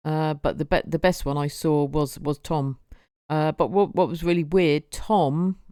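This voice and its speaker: A woman's voice: low voice, fairly even intonation, measured pace, warm tone, clear, resonant tone, dry recording, studio quality. A woman streaming, chatting casually with viewers and often repeating her words as she goes. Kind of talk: casual live-stream chat.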